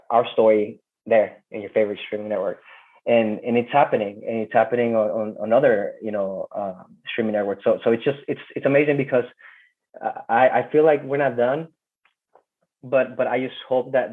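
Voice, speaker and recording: A man guest, a second-language speaker, rapping a verse and then talking hesitantly with many fillers over a call. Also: medium pitch. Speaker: interview guest. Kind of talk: rapping a spoken-word verse, then casual talk. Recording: tinny phone-like audio.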